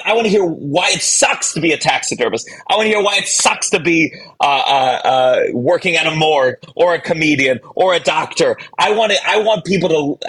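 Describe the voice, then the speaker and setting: A man who is a stand-up comedian, chatting as a guest in an interview, quick and self-deprecating with many restarts. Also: fairly high pitch, a bit bright, husky, poor audio. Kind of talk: casual interview chat.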